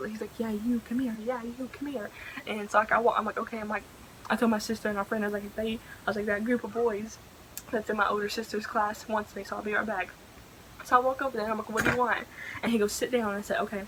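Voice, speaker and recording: A young woman tells old school stories in a loose, rambling way, full of "like" and restarts. Her voice stays fairly flat and even in pitch. A faint hiss sits under the recording. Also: rough recording. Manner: rambling, many fillers and restarts. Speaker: vlogger. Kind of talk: casual storytelling.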